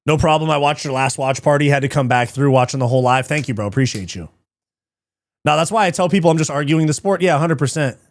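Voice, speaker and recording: A man's voice: a little high, fast talker, no echo, clean studio sound. A man hosting a live fight watch party, chatting casually, reading chat aloud, swearing often and laughing easily.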